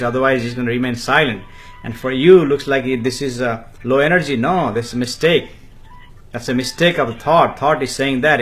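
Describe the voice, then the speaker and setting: Brief: man, spiritual teacher answering viewer comments on a live stream, halting delivery full of fillers. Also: medium pitch, a bit bright. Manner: refers to himself in the third person, slow and halting with many fillers.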